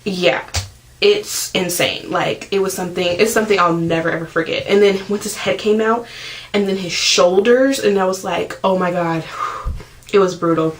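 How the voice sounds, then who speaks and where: A young woman talks to her camera in a loose, chatty vlog. She leans on "like" constantly and jumps into loud bursts when she acts out her own screams. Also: on the low side, rough recording. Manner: chatty, fills every pause with "like". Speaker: vlogger. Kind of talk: casual storytelling to camera.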